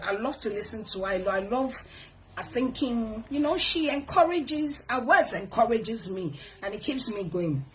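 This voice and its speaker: A middle-aged woman with a Nigerian accent hosts a casual advice talk, animated and a bit preachy. Her voice sits a touch high, and a faint noise hums behind her. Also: rough recording. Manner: animated, preachy, with laughs and repeated blessings. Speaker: host. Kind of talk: casual advice talk, reading viewer comments.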